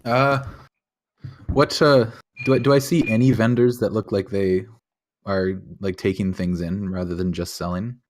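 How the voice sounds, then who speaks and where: A man plays a tabletop game in a low, easygoing voice. He speaks casually and hesitates over his words. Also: steady tone, measured pace. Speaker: player.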